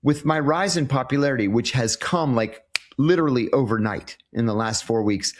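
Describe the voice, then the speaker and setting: A man's voice: mid-range voice, normal speed. A man in his sixties, a former intelligence officer answering interview questions in a casual, storytelling way. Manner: animated storyteller, acts out quoted exchanges.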